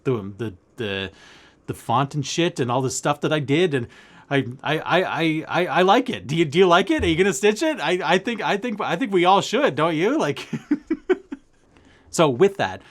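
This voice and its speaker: Male cross-stitch vlogger, excitable, stammery, slightly high lively voice. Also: moderate pace. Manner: excitable, stammering, repeats himself. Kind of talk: excited casual monologue to camera.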